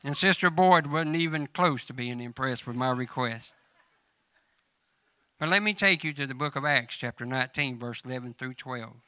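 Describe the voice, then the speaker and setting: A man's voice: mid-range voice, moderate pace, sharp tone, dry recording. A man with a Southern American accent preaching a folksy sermon, telling funny stories and addressing church members by name. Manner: humorous storytelling mixed with scripture reading.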